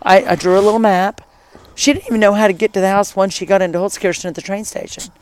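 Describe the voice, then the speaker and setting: With a smooth voice and quick pace, this middle-aged ex-high school teacher recounts a travel story casually. It's lively and enthusiastic, packed with asides.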